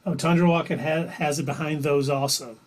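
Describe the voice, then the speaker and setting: A man's voice: on the high side, steady tone, a little fast. A man co-hosting a casual livestream, chatting and reading out the viewers' votes. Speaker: co-host reading the chat. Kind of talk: casual chat.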